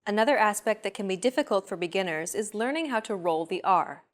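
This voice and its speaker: A woman hosting a language lesson, explaining pronunciation in a clear, measured scripted narration. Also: medium pitch, expressive. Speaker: host.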